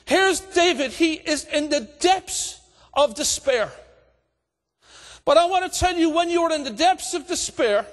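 A man preaches an evangelistic sermon in a strikingly high voice, his words ringing out with a long echo through a large church hall. He presses his appeal with passion and breaks into shouts on the key lines. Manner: impassioned, preaching with rising shouts.

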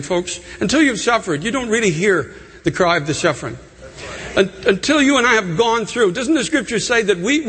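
A male preacher giving an impassioned sermon, his voice rising to shouts as he prays. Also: high-pitched, breathy edge. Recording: long reverb of a hall.

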